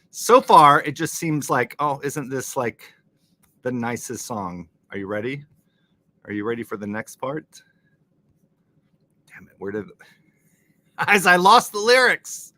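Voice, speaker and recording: A man's voice: mid-range voice, very animated, takes it slowly, long pauses, bright, forceful tone. A man hosting a casual live-stream crossword show, chatting with viewers and laughing often with jokey asides. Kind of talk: casual live-stream chat, reading chat comments.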